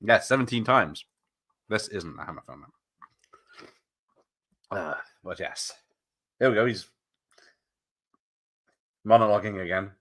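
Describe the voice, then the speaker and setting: Casual male streamer, lowish voice, bright edge, chatty and laughing. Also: animated, slow, pauses often. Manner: chatty, laughs often, answers chat. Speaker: watch party streamer. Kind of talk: casual live commentary.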